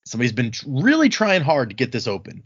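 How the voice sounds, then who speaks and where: Animated man retelling a story. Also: mid-range voice, fast, breathy edge. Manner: animated retelling, acts out characters' lines. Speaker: podcast host retelling the chapters. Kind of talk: casual book-club chat. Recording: slightly muffled lo-fi audio.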